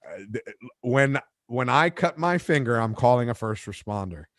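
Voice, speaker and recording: Male host, casual storyteller, gets animated on quotes, dry close mic. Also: mid-range voice, normal speed, dry recording. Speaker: podcast host and fishing captain.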